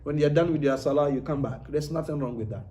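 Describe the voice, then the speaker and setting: A man's voice: on the high side, fast talker, mellow, slight background noise. A man teaching an informal religious class in a mosque, talking conversationally with frequent "you know" and restarted phrases. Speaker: Islamic teacher. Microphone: livestream mic.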